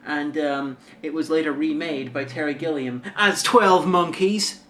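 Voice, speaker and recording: A man co-hosting a film review show in casual chat, dry and halting with asides. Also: a little high, a bit bright.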